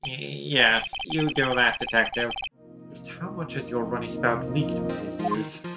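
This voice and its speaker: Picture a cold, pompous prosecutor, as a man puts him on, talking down in a dry, lowered voice. Loud game music plays right behind him. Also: unhurried, vocal fry. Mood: condescending. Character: stern pompous male prosecutor.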